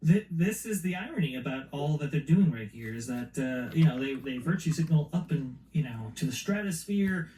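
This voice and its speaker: A man's voice: a little high, expressive, normal speed, hardly any pauses, roomy sound, crowd noise, low-quality recording. A man in a casual chat, speaking hesitantly with many fillers.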